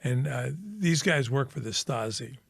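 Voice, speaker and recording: A man co-hosting a podcast, telling a story in a casual, animated way and acting out the characters. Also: moderate pace, gravelly, breathy edge, dry recording, studio quality. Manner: animated storyteller, acts out characters with pitch jumps. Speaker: podcast co-host. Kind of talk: casual chat, retelling a film joke.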